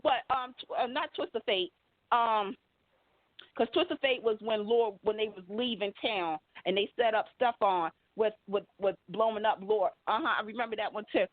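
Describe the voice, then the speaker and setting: A woman's voice: medium pitch, moderate pace, dry recording. Chatty woman on a tinny phone line. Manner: chatty, rambling, enthusiastic. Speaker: podcast panelist. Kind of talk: casual chat.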